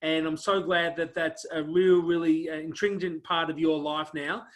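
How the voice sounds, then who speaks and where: A man's voice: a little high, steady tone, normal speed. A man hosting an interview show, talking casually and heaping praise on his guest with lots of fillers. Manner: effusive, warm praise, many fillers.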